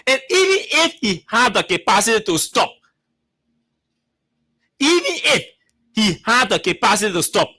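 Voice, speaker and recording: A man's voice: high-pitched, very animated, fairly quick, few pauses, bright, forceful tone, husky, no room sound. A man hosting a radio talk show, arguing and mocking as he repeats his words. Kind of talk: radio commentary.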